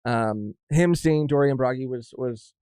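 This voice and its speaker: A young man co-hosting a podcast in casual chat, rambling and halting with frequent restarts. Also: mid-range voice, darkish tone, clean tone, dry recording, studio quality. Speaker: podcast co-host.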